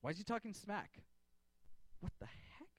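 A man's voice: high voice, very animated, moderate pace, husky, no room sound, pitched above the performer's own voice, heavily acted. A man voicing a brash young shepherd boy who talks in slangy, incredulous outbursts. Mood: indignant.

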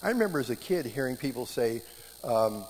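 A middle-aged man giving a sermon, telling stories with lively quoted voices. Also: mid-range voice, fairly quick. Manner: animated storytelling, voices quoted speakers. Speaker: preacher teaching marriage classes. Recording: long hall reverb, faint background noise.

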